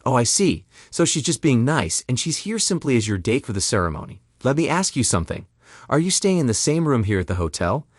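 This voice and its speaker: A man's voice: mid-range voice, sing-song, fairly quick, slightly rough, no echo, studio quality. A man doing a cold, mocking betrayed husband. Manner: sarcastic, demanding.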